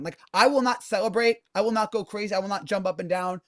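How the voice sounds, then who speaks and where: Fast-talking joking male co-host. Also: high voice, dry recording, clean studio sound. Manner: quick, joking, self-deprecating. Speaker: podcast co-host. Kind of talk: casual sports chat.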